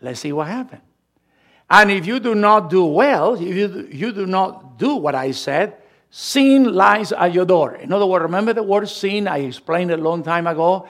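Male pastor from Latin America, Latin American Spanish accent, high voice, emphatic slow-downs while preaching a sermon. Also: animated, a bit bright. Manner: preaching with emphatic, slowed phrases.

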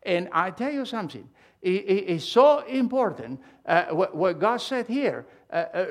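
A man preaching a sermon, emphatic and animated, swinging between loud and hushed delivery with halting restarts. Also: high voice. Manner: halting restarts and repeated words.

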